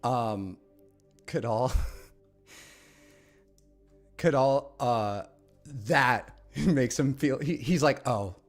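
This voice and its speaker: A man running a tabletop game as dungeon master, narrating with frequent laughs and halting restarts. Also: mid-range voice, soft background music.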